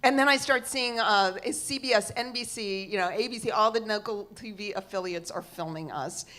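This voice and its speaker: In a live storytelling set, a middle-aged woman with a medium-pitched voice and normal speed recounts a comic tale. She brings the people in it to life, quoting them with large, animated shifts in voice.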